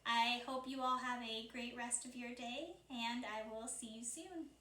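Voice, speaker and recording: Bright, high-voiced teacher telling a story in an echoey room. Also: female voice, distant mic, slight background noise. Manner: expressive, with slowed dramatic build-ups and spooky hushed drops.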